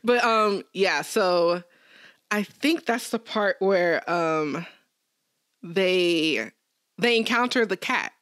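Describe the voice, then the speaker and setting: Playful young woman with lively pitch. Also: slow, no room sound, studio quality. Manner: playful, laughs a lot, jokey asides. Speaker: podcast co-host. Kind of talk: casual chat.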